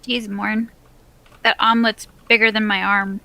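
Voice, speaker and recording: A woman player in a tabletop game, stating her moves calmly and briefly. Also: medium pitch, unhurried, dry recording, low-quality recording.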